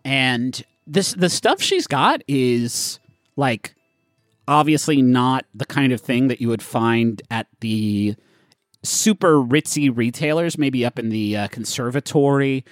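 A man's voice: medium pitch, lively intonation, slow, no echo, clean studio sound. A man narrating as game master in a casual, chatty way with many fillers.

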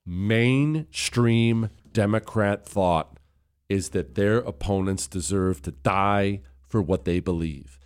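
A male radio talk host sits behind a studio microphone. He delivers political commentary in a voice pitched somewhat low for a man. His delivery is emphatic and keeps building in intensity. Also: slow pace, smooth.

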